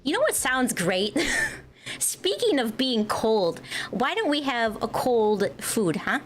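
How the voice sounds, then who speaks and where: A woman's voice: on the high side, sing-song, takes it slowly, pitched above the performer's own voice. A woman putting on the voice of her own body, which slyly talks her into craving cold food.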